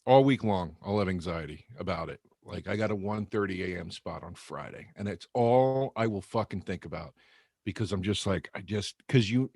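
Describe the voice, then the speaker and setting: A comedian talking candidly and profanely in a casual podcast chat. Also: male voice, deep voice, darkish tone, husky, no room sound, clean studio sound. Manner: candid, profane, quick agreeing.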